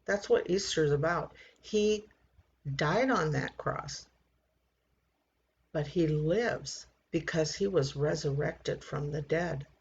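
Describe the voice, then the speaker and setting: Slow, earnest woman in her sixties. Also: deep voice, gravelly, muffled recording, slight background noise. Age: 60s. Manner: earnest, halting, repeats words. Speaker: church member giving testimony. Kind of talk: personal faith testimony.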